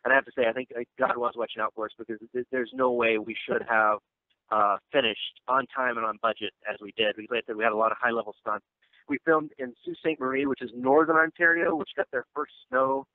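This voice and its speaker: A man's voice: medium pitch, fairly even intonation, quick pace, dry recording. A man being interviewed about his film, talking casually with lots of fillers and restarts. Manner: rambling, full of fillers and restarts. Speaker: actor and filmmaker guest. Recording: tinny dry phone line.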